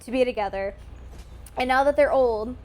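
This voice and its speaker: Woman, high voice, podcast co-host, casual chat, emotional, halting, restarts, swearing.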